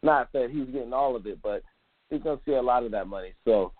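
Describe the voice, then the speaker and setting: A man's voice: mid-range voice, fast, dry recording. A man hosting a casual sports podcast, rambling and loose, with some swearing. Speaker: podcast host. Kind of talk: casual chat. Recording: dry, phone-like line.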